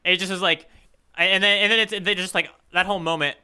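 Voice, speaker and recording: A man's voice: high-pitched, fairly even intonation, fast, sharp tone, clear, resonant tone. A man co-hosting a podcast, musing aloud in casual chat, trailing off and restarting his thoughts. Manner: rambling, self-interrupting, musing aloud. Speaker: podcast co-host.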